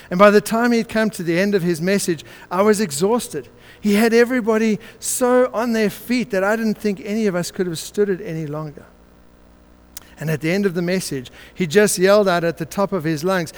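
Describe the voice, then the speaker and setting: An older man delivers a sermon in a high, smooth and resonant voice. He tells a story and presses it home through rhythmic, mounting repetition. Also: moderate pace. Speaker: preacher.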